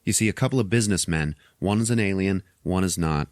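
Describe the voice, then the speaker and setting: Dude hosting a movie podcast, kinda low voice, swears a lot telling the plot, dead dry mic. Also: male voice, quick pace, no room sound. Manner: animated retelling, profane, laughs often. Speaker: podcast host. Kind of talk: casual movie recap chat.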